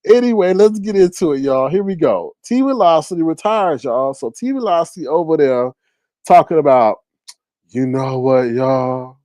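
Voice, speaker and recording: A man hosting a casual livestream commentary, animated and exclamatory, laughing often. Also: a little high, moderate pace, no echo, poor audio.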